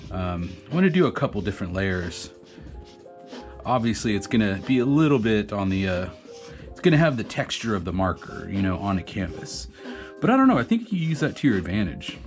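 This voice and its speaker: A man's voice: fairly low pitch, sing-song, a little fast. Rambling, chatty man over background music. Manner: rambling, chatty, laughs often. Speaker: graffiti artist reviewing art supplies. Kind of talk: casual talk to camera while drawing. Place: home art studio.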